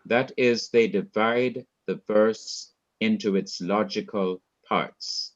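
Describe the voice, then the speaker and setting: A man teaching a Hebrew class, explaining slowly and repeating key points for his students. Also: on the low side, fairly even intonation, muffled recording. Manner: slow, repetitive, deliberate explaining. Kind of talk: classroom lecture.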